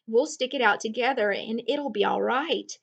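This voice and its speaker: A woman's voice: on the high side, moderate pace, creaky, lo-fi sound. A woman voicing a chatty, innocent little girl who talks in a friendly, eager, naive way.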